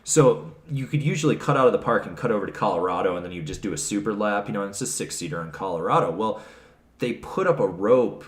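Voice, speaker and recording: Give me a blunt, swearing man ranting through stories, with a lowish voice and a roomy echo. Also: expressive, fast. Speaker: podcast guest, snowboard reviewer. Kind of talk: casual interview storytelling. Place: trade show. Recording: echoey room.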